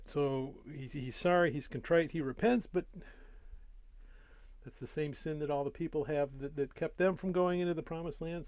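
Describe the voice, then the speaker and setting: A man's voice: medium pitch, dry recording, muffled recording. A man hosting a daily Bible reading, talking through the chapters in a casual, folksy way before he reads. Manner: conversational, folksy, with restarts.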